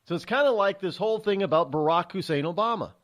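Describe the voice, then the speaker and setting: Animated, sarcastic male talk host. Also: high-pitched, quick pace. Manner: animated, sarcastic, acts out quoted voices. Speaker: radio talk show host. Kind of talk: opinionated monologue.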